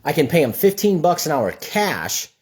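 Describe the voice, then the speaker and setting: A man from Minnesota who runs a gutter business, talking bluntly to camera in a casual, animated rant. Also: a little high, moderate pace.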